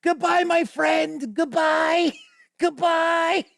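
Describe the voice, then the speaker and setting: A man voicing a sentimental male goblin leader who weeps at bad music and calls out long, high farewells. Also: fairly even intonation, very slow, gravelly, a bit bright, no echo, full character voice. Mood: fond farewell.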